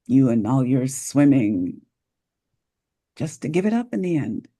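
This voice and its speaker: A woman plays a bitter, grieving mother in a table read, her voice low and husky. She presses her daughter with accusations and raw grief. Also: sing-song, unhurried, dark tone, full character voice. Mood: reproachful. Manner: accusing, emotional. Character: grieving, reproachful mother wanting grandchildren. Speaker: Anna's mother Marlene.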